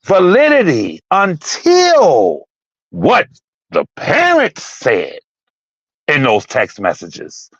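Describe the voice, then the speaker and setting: Gravelly guy on a call, voice jumps all over, heated and repeating himself, dull lo-fi sound. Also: a little high, very slow, no echo. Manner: animated, repeats himself, raises his voice. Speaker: caller on a live talk stream. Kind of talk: heated casual debate.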